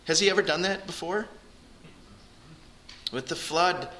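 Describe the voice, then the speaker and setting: Bright-toned man preaching a sermon. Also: unhurried, a little hiss or hum, rough recording. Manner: earnest, rises in pitch and volume for emphasis, addresses the congregation directly. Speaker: pastor. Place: church.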